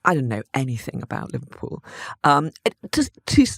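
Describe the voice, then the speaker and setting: A woman in her fifties or older, a former news correspondent, telling stories from her career in a conversational interview, animated and laughing often, with many restarts. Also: low voice, moderate pace, vocal fry, slightly rough, no room sound, clean studio sound.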